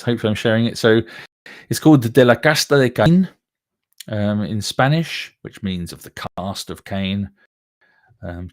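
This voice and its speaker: Give me a low-pitched male author chatting casually at his desk, rambling and restarting often. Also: a little mellow, dry recording, clean studio sound. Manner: rambling, many fillers and restarts. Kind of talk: casual chat.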